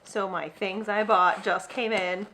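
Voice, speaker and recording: A woman's voice: medium pitch, fairly even intonation, unhurried, noisy background. A young adult woman hosting her own podcast, chatting casually and rambling with gushing enthusiasm. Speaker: podcast host. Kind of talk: casual solo chat.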